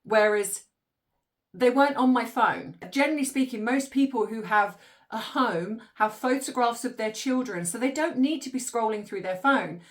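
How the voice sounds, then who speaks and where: A woman's voice: fairly high pitch, moderate pace. A woman, likely in her forties, hosting an opinionated commentary monologue, exasperated and ranty, often laughing in disbelief. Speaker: commentary channel host.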